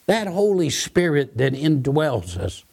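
A man's voice: a little high, big pitch swings, a little slow, gravelly, darkish tone, breathy edge. A man preaching a sermon, earnest and given to repeating his words. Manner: earnest, repeats words, quotes scripture and hymns.

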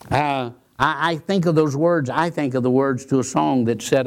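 A man's voice: medium pitch, steady tone, normal speed, hardly any pauses. A man preaching a sermon, earnest and given to repeating his words. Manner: earnest, repeats words, quotes scripture and hymns.

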